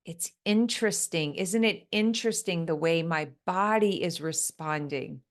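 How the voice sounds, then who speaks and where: A woman business coach speaking in a calm, soothing way, walking listeners through a guided relaxation exercise. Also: lowish voice, a little slow.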